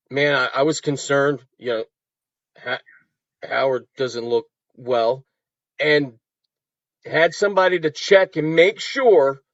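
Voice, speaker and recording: A man with a slightly high voice trading accusations in a staged wrestling-style feud. He tends to drop low and quiet as he presses a point. The audio is dull and lo-fi, with a dry sound. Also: dry recording. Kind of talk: heated wrestling-style argument.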